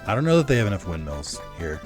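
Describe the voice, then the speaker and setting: A man's voice: sits low, big pitch swings, quick pace, music in the background. A man giving casual, rambling live-stream commentary while playing, chatting with viewers and correcting himself often. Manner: rambling, filler-heavy and self-correcting, chats with viewers.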